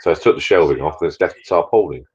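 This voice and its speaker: Deep-voiced man chatting on a live stream. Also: expressive, fast talker, darkish tone, muffled recording. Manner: rambling, chatty, reads out viewer comments. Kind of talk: casual live chat.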